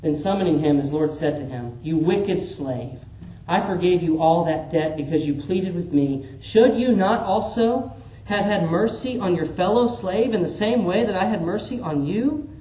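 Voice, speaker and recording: Animated preacher in an echoey room. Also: male voice, high voice, normal speed. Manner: animated, acts out the Bible figures in voices. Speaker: pastor. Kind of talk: sermon. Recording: echoey room with faint ambience.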